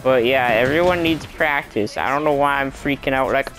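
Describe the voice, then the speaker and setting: A young man streaming a racing game, chatting to himself in a self-mocking, excitable way. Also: mid-range voice, moderate pace, soft background music. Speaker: gameplay streamer. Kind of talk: casual let's-play commentary.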